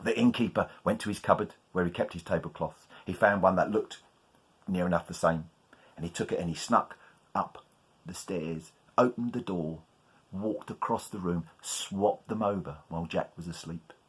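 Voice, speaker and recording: A man telling a folk tale live at a festival, lively and inviting the audience to call out. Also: low-pitched, moderate pace, husky. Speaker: storyteller. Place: festival tent.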